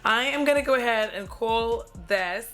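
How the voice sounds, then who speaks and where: Soft music plays behind a woman whose voice is mid-range and a bit bright, moving at a moderate pace. At home, she chats casually about makeup as a beauty vlogger, swearing, being dramatic, and letting her sentences fade into little vocal sounds.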